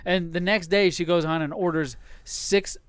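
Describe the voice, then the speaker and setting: Male podcast co-host with a high, resonant, dry-sounding voice, animated and crude. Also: moderate pace, clean tone, dry recording. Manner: animated, profane, acts out his wife's lines. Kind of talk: casual crude storytelling.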